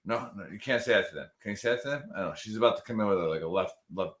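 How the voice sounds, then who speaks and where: A man's voice: lowish voice, racing, a bit bright, echoey room. A man hosting a live show in a loose, joking, rambling way, casual banter with his co-hosts. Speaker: podcast host.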